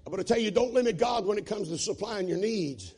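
High-voiced impassioned male preacher. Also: animated, quick pace, mellow, slightly rough. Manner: impassioned, folksy storytelling. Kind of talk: sermon storytelling.

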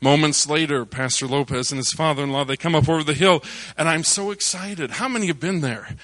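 A male preacher giving a sermon, telling a hunting story with lively bursts of excitement before turning back to scripture. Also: fairly high pitch, a little fast, dry recording. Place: church service.

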